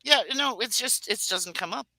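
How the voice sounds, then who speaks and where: Rambling, laughing podcast co-host, bright voice. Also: male voice, sits high, animated, normal speed, no room sound, poor audio. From Pacific Northwest, US. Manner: rambling, self-mocking, laughs often. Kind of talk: casual chat.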